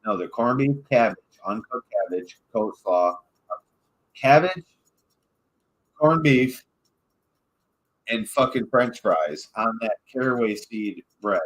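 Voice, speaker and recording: A man's voice: mid-range voice, lively intonation, slow, long pauses, fairly bright tone, rough recording. A man from Michigan with a Michigan accent, telling a rambling, profane story in casual chat as a podcast co-host.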